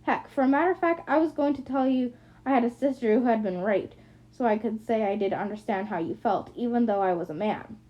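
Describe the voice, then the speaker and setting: An easygoing young man, read by a woman in her own plain voice sheepishly explains himself in a relaxed way. The audiobook recording sounds dull and muffled. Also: fairly high pitch, a little fast, lightly acted. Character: young man, teasing, good-natured boyfriend.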